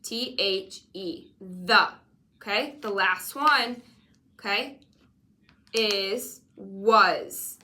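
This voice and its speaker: A woman teaching a one-on-one spelling lesson, patient and encouraging, sounding out letters slowly. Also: mid-range voice, bright, forceful tone. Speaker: reading teacher.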